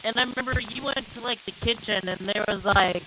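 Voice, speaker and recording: A woman sharing a scary memory in casual chat, hesitant and halting as she tells it. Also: a little high, background noise. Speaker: co-host. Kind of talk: casual ghost story chat.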